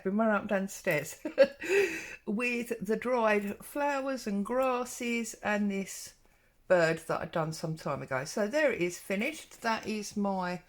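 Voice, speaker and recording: A woman hosting a casual show-and-tell craft vlog from home, chatting straight to viewers with ums and asides. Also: medium pitch. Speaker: craft vlogger host.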